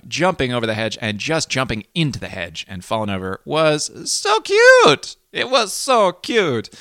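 Guy doing a casual solo podcast, bright forceful voice, kinda low, dry close sound. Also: creaky, no echo. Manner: chatty and rambling, with frequent ums and self-corrections. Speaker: fantasy football league podcast host.

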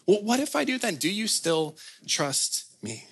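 A pastor voicing God as a calm, patient figure who quietly questions a worried man in a sermon story. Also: sits high, measured pace, slightly rough, full character voice. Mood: gently probing.

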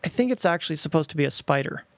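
An earnest, literal three-year-old boy who points out every mistake with serious certainty, as his father puts him on. The voice sits raised and a little gravelly, stalling and repeating itself mid-thought. It is recorded close and dry. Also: a little high, expressive, no echo. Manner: earnest, literal, halting self-corrections. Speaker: narrator voicing his son.

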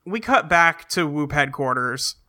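A man with a high, very bright voice chats through a show recap. He is animated and swears freely, and his pitch swings widely as he acts out the characters' lines for laughs. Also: unhurried. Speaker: podcast host recapping a show. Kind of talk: casual chat.

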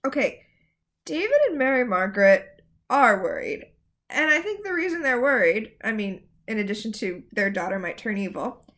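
A woman co-hosting a show recap in casual chat, with sarcastic, animated asides. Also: sits high. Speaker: podcast co-host.

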